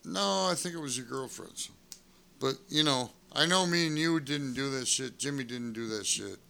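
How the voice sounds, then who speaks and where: With vocal fry in a mid-range voice at a moderate pace, a middle-aged man who used to wrestle spins casual stories from the road. He swears freely and animatedly acts out other people's lines.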